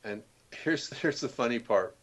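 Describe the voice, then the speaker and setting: A man's voice: mid-range voice, animated, unhurried. Older male author telling stories. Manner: warm anecdotal storyteller, laughs often. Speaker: author and storyteller guest. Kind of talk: casual interview chat.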